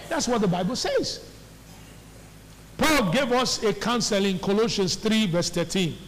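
A man's voice: high voice, lively intonation, unhurried, fairly bright tone. A man preaching a sermon as pastor, often asking the congregation whether they hear him. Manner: call-and-response preaching, repeated questions to the congregation. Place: church hall. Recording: faint echo of a large church hall.

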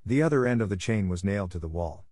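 A man narrating a classic children's story in a steady, even reading. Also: deep voice, quick pace, dry recording, clean studio sound. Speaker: audiobook narrator.

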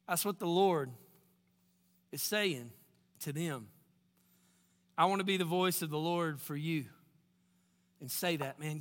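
Pastor guy preaching, big swings loud to quiet, bright voice bouncing around a big hall. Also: high voice. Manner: animated, swings from loud to hushed, acts out quotes. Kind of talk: sermon.

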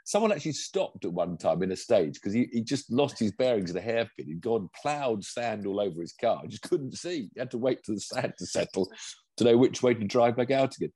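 A man's voice: lowish voice, expressive, fairly quick, mellow, breathy edge, no echo. An older man chatting on a podcast, enthusiastic and rambling, often restarting his sentences. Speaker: podcast co-host and pundit. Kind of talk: casual chat.

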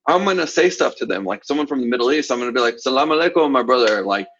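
A man from the Southern US coaching confidently in a casual podcast chat, with animated asides. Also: mid-range voice, racing, highs cut off, slight background noise. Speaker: sales coach, podcast co-host.

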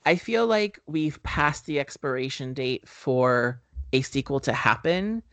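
A man's voice: mid-range voice, animated, a little slow, a bit bright, no echo. A man co-hosting a casual movie-review podcast, talking in a loose, rambling way with lots of "um" fillers. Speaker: podcast co-host.

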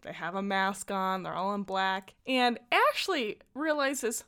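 Very animated yet unhurried, a young woman with a mid-range, smooth voice that sounds pushed and bright co-hosts a podcast. She chats through a movie's plot, leaning on "like" and laughing while she talks.

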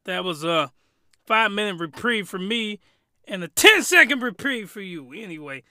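Male comedic reviewer: smooth, clear voice, bone-dry sound, rambling and exclamatory. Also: high voice, big pitch swings, moderate pace, bright, forceful tone, no room sound. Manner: rambling, exclamatory, loose and colloquial. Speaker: anime reviewer.

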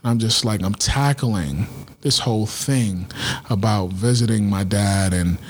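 A man in his thirties telling a personal story in casual talk, animated and acting out the dialogue he quotes. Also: on the low side, a little slow, a little hiss or hum.

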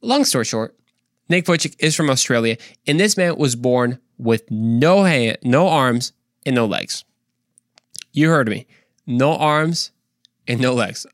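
A man hosting a faith podcast, earnest and animated, repeating points for emphasis and joking in between. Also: medium pitch, a little slow, dry recording, studio quality. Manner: playful, tries silly accents, earnest preaching. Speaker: podcast host. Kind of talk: casual faith podcast monologue.

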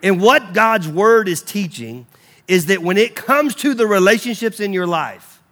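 A man preaching a sermon, animated and acting out quoted voices as he teaches from the Bible. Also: sits high, unhurried. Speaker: pastor.

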